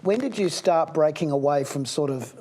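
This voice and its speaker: A man's voice: a little high, normal speed, dark tone, slight background noise. An older man hosting an interview, reminiscing and asking rambling questions. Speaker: host. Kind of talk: casual interview.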